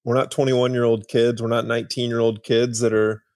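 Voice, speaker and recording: A man guest on a podcast, telling his story in a relaxed, matter-of-fact way. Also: medium pitch, fairly quick, dry recording, clean studio sound. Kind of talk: casual interview storytelling.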